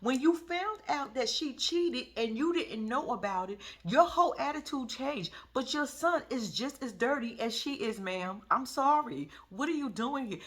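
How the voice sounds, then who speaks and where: A woman giving sassy, animated casual commentary, often laughing. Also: high-pitched, moderate pace, hardly any pauses. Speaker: reality TV recap vlogger.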